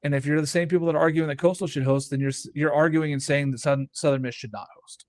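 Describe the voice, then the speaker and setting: This man talks college baseball on a podcast in a lively, animated way, and he often breaks into laughter as he acts out how people would react. His voice sits a little higher than most men's. The close, dry recording leaves no room sound around him. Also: quick pace, no room sound. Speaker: co-host of a college baseball show. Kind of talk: casual sports chat.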